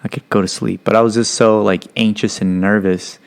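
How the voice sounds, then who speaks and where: Gravelly low-voiced man telling stories. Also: brisk. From Stockton, California, USA. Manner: loose, profane, full of "like" and "you know"; acts out quotes in lively voices. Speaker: guest. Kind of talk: casual podcast storytelling.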